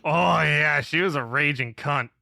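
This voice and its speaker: A man's voice: on the high side, unhurried, vocal fry, background noise. A man telling a heated story on a casual podcast, swearing a lot and getting fired up. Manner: profane, fired-up ranting. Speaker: podcast co-host.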